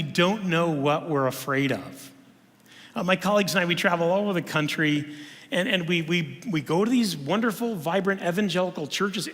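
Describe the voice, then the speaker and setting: Lively, high-voiced male lecturer in a hall. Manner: animated storytelling, frequent restarts. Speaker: conference speaker. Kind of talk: humorous lecture. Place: church auditorium. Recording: long reverb of a church hall.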